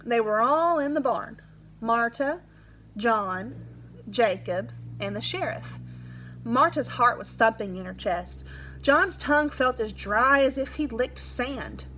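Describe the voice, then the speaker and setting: High-voiced woman reading a story aloud. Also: takes it slowly, a little hiss or hum, poor audio. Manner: plain, steady reading with an occasional self-correction.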